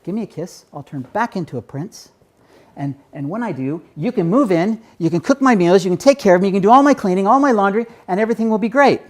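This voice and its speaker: A man's voice: high voice, lively intonation, fast, voice pushed up. A man voicing a boastful male frog who smugly reels off his demands. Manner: smug, listing demands.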